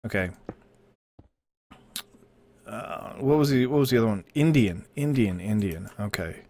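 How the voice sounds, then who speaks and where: A man's voice: on the low side, animated, a little slow, darkish tone, a little hiss or hum. A man chatting casually on a live stream while gaming, rambling and joking as he slips in and out of put-on accents.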